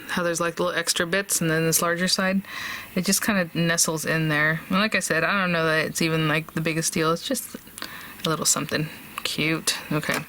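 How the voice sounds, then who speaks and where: A woman's voice: on the low side, fairly bright tone, slight background noise. A woman hosting a casual crafting tutorial, chatting and thinking aloud as she works, with fillers and small laughs.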